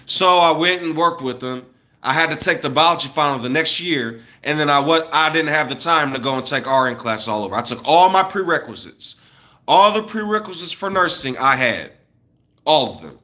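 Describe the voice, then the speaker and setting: A man in his thirties telling stories at home on a casual livestream, in an animated, loose and profane way, talking straight to his viewers. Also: a little high.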